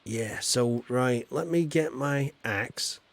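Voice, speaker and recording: A chatty man with a Yorkshire accent, talking through a game stream in a loose, self-deprecating way. His voice sits at a middling pitch, and he answers his chat as he plays. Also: slow, vocal fry, slight background noise. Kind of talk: casual livestream commentary.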